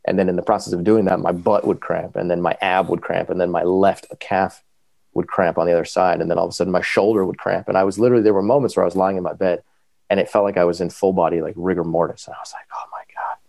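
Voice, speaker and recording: Fast-talking low gravelly man. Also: no room sound. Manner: animated, quick, full of fillers. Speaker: podcast guest. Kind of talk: casual storytelling.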